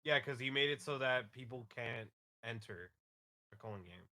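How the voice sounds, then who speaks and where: A man co-hosting a podcast, cutting in with quick doubtful questions in casual chat. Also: mid-range voice, pushed and bright, dry recording, studio quality. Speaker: podcast co-host.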